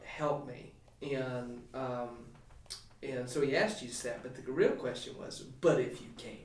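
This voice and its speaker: A man, a pastor, talking through a scripture passage on a podcast in an emphatic, animated preaching way with frequent restarts. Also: medium pitch, measured pace, reverberant, distant mic. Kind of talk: podcast sermon talk.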